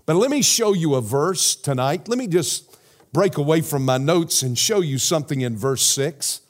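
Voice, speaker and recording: A man preaching a sermon as pastor, measured and emphatic, repeating phrases and asking the congregation rhetorical questions. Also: on the high side, animated.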